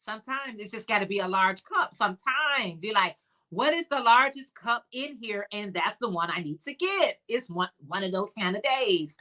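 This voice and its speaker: A woman's voice: mid-range voice, animated, normal speed, sharp tone. Chatty woman with a Chicago accent. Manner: chatty and upbeat, greets viewers by name, calls them honey. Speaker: livestream host. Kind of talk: casual livestream chat, reading viewer comments.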